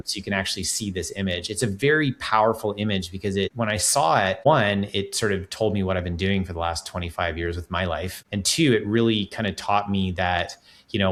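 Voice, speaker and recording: A man with a fairly low voice hosting a podcast interview. He talks in a relaxed, reflective way, thinking out loud and often restarting his sentences. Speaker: podcast host. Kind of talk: casual interview conversation.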